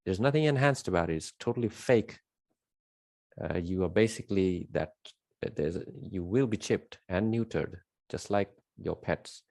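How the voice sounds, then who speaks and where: A man's voice: low voice, moderate pace, creaky, darkish tone, no room sound, studio quality. A man giving an unscripted spiritual monologue, emphatic and rambling, repeating his key words with many fillers. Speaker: spiritual teacher.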